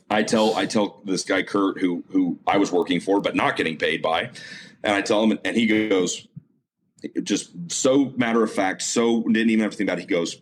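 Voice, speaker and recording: A deep-voiced man spins a long anecdote in a relaxed interview, full of "uh" and self-repeats. A faint background noise sits under the recording. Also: normal speed. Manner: animated storyteller, many fillers and self-repeats. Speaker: guest, motorsport announcer. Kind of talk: casual storytelling interview.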